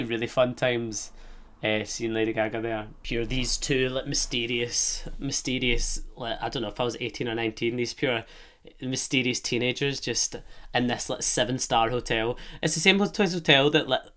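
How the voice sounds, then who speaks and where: A man's voice: medium pitch, sharp tone. Rambling Scottish young man. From Scotland. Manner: rambling, full of "like" fillers and laughter. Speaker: podcast host. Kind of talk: casual chat.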